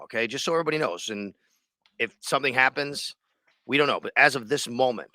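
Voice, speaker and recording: A man co-hosting a sports podcast, chatting in a loose, rambling way. His voice is bright and forward, at an ordinary pitch. The sound is dry and close. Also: no room sound. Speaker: sports radio and podcast host. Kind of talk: casual sports podcast chat.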